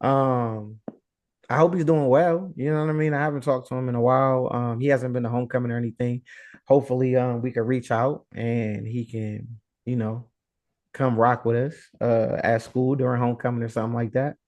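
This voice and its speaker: A man's voice: medium pitch, steady tone, brisk, darkish tone. A man with a Northeastern US accent, co-hosting a podcast in casual chat, full of "like" and "you know". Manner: laid-back, lots of "like" and "you know". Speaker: podcast co-host.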